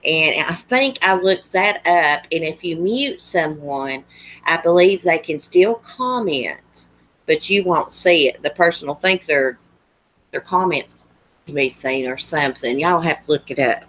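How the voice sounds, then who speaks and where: A woman's voice: low voice, lively intonation, measured pace, a bit bright. A woman with a Southern US accent, hosting a livestream in casual chat and answering comments in a chatty, countrified drawl. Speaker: livestream host.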